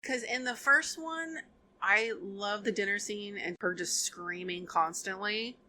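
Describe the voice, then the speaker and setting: A woman's voice: medium pitch, measured pace, pushed and bright, a little hiss or hum. A woman co-hosting a podcast, chatting casually about a horror movie and laughing easily. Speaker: podcast co-host.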